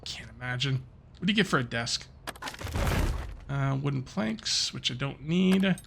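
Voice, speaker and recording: A man's voice: mid-range voice, lively intonation, moderate pace, vocal fry, background noise. A middle-aged man giving casual, rambling commentary while playing a survival game, thinking aloud and muttering to himself. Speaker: gaming video host.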